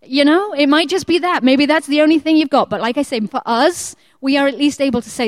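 Lively woman preaching a sermon. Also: high voice, a little fast, hardly any pauses, no room sound. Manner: lively, acts out quoted prayers in changing voices.

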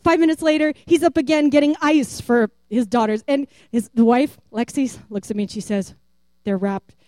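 Lady telling a church testimony story, high pitched, acts out everyone's lines, rambly. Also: brisk, no room sound. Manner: animated, rambling, acts out quoted voices. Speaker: church member giving a testimony.

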